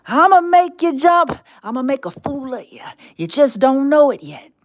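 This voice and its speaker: A woman's voice: high voice, big pitch swings, normal speed. A woman streaming live, delivering a mocking monologue as a tempter, drawling with laughs and whispered asides.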